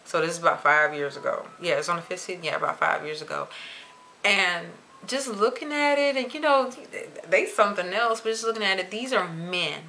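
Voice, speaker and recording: A young adult woman vlogging to camera in a chatty, expressive way, stretching words for emphasis. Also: fairly low pitch, fairly quick, gravelly, slight background noise. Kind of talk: casual chat to camera.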